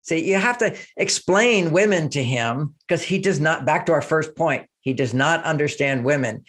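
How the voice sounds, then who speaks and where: An older man, a relationship author, talking casually in an interview, animated and acting out quoted speech. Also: fairly high pitch, moderate pace.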